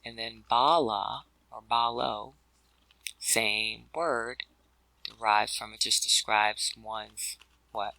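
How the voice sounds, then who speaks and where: A man's voice: lowish voice, creaky, pushed and bright, dry recording, rough recording. A man teaching a scripture word study in a conversational way, with fillers and restarts, addressing listeners as brothers and sisters. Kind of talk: explanatory video lesson.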